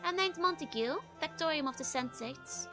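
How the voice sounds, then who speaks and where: A woman's voice: high-pitched, normal speed, music in the background, natural voice. A woman voicing a handsome, hot-tempered young nobleman who speaks in archaic, courtly thee-and-thou phrasing. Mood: earnest, courtly.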